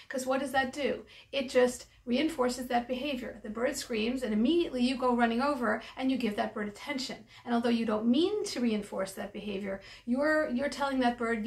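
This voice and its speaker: Gravelly-voiced woman vet explaining calmly. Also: a little high, fairly quick, hardly any pauses, recorded from a distance. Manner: calm, explanatory, practical advice. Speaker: avian veterinarian. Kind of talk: educational talk to camera.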